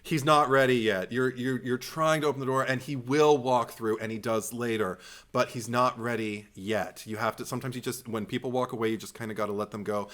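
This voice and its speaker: Animated man reviewing a movie. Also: mid-range voice, brisk. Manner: animated, swearing, acts out scenes. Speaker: podcast host. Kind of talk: casual film review chat.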